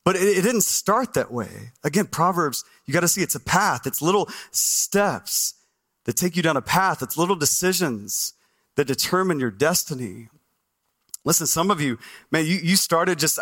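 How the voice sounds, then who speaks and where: A man with a high voice preaching a lively Sunday sermon from the stage. He talks straight to the congregation, quizzing them and acting out their excuses in funny voices. The sound has the feel of a church stage microphone. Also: normal speed. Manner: animated, asks the congregation questions, acts out listeners' voices. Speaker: pastor.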